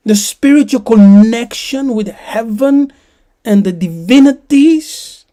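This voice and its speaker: A woman delivers an emphatic teaching sermon at an unhurried, deliberate pace. Her voice is warm and mellow. She keeps turning to her listeners with questions. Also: on the high side. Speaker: preacher.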